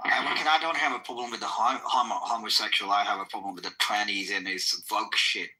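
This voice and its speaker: Man, sharp bright voice. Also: fairly low pitch, steady tone, poor audio. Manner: blunt, profane storytelling with halting restarts. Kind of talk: casual chat.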